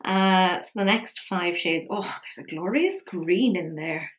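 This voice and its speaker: Slow and lively in intonation, this lowish-voiced woman in her 30s is a makeup vlogger chatting casually through a tutorial. She's playful and chatty, often mocking herself.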